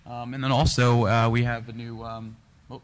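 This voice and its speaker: A man's voice: medium pitch, flat delivery, normal speed. A man casually presenting toys on a convention panel, with fillers along the way. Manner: casual, with fillers and small laughs.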